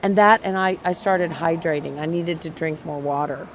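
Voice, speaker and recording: Wearing a clip-on mic at the arena, a woman hosts a livestock show livestream with casual live commentary, chatting and making self-deprecating jokes. Her voice sits low at normal speed, with slight background noise.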